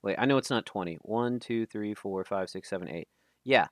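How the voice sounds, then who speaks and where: A man's voice: on the low side, moderate pace, no room sound. A man casting a live game tournament stream in a casual, chatty way, often stumbling over names. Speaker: tournament caster. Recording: loud background noise.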